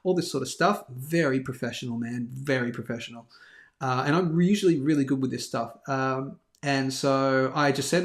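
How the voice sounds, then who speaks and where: A man's voice: mid-range voice, moderate pace. A man hosts a casual live stream and rambles through a story about himself. He keeps mocking his own mistakes as he goes, in loose, conversational chat. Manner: chatty, self-deprecating, rambling storyteller. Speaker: host of a daily live bullion show. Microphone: live stream over a phone hotspot.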